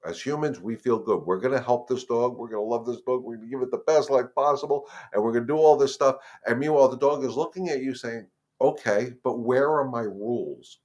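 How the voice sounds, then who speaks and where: A man's voice: medium pitch, fast, hardly any pauses, darkish tone. A man hosting a live dog-training Q&A, talking casually and directly to viewers, repeating words and turning firm and emphatic on the rules. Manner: conversational, repeats words, addresses viewers as guys. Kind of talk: casual live-stream advice.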